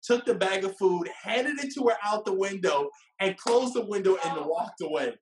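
A man telling a casual story about his first date, animated and laughing, acting out what people said. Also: high voice, normal speed, echoey room, background noise. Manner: animated, laughing, acts out quotes.

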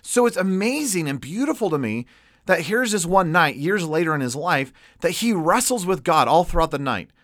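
A male preacher tells a story in an animated way, laughing as he goes. His voice sits a bit high and swoops widely in pitch, and the recording is dry and close. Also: normal speed, no echo. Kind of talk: storytelling sermon.

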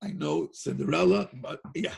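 A man with animatedly telling a story, excitable, laughing often, repeating his words and breaking into snatches of melody. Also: on the high side, moderate pace, creaky, slightly rough.

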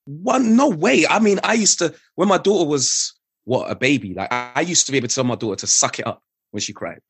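A man's voice: fairly high pitch, expressive, a little fast. A man speaking as an interview guest, earnest and reflective, repeating key phrases for emphasis. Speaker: guest, father. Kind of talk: candid conversational interview.

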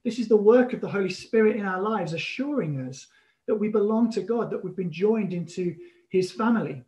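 A man preaching a sermon as pastor, telling stories with animated emphasis and pauses. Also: sits high.

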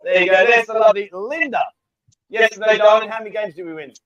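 Fast-talking man host. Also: sits high, a bit bright, no room sound. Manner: banters and teases viewers. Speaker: livestream host. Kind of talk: casual live chat. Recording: dull lo-fi stream audio.

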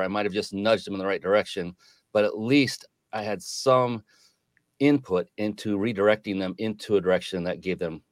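Middle-aged male guest, low-pitched, thoughtful and earnest, dry close mic. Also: dry recording. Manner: reflective, earnest, with hesitations. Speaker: podcast guest. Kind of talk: casual interview conversation.

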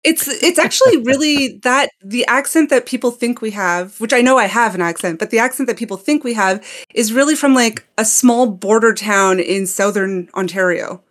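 This is a woman from Canada with a Montreal English accent, chatting casually as a podcast guest. She tells stories with lively energy and crisp enunciation, and her voice sits somewhat high. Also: moderate pace, hardly any pauses. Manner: lively storytelling, enunciates clearly. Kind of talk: casual chat.

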